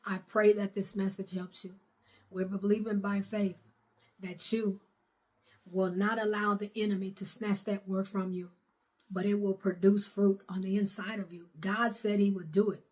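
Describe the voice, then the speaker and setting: A woman's voice: mid-range voice, flat delivery, normal speed, darkish tone. A middle-aged woman, preaching a sermon in a fervent, repetitive way. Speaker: prophetess preaching.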